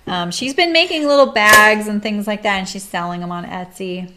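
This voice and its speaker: A woman's voice: mid-range voice, normal speed, heavy background noise. A middle-aged woman chatting casually with viewers of her live stream while she sews, rambling and laughing often.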